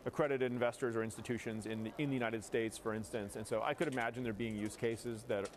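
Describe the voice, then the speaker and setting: A man's voice: mid-range voice, fairly even intonation, fast, a little hiss or hum. A man giving a news interview, explaining his views fluently. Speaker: interview guest.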